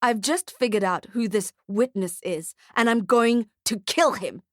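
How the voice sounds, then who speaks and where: A woman's voice: fairly high pitch, unhurried, no echo, clean studio sound, close to an everyday voice. A woman voicing a scruffy, foul-mouthed male Santa who blurts mangled curses in an audiobook. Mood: indignant.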